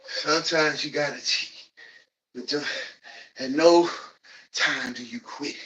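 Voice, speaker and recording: A man leading a workout on a livestream, out of breath as he exercises and talks in a preachy, pumped-up coaching way with loud whoops. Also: on the high side, slow pace. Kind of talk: motivational workout talk. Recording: voice distant from the mic.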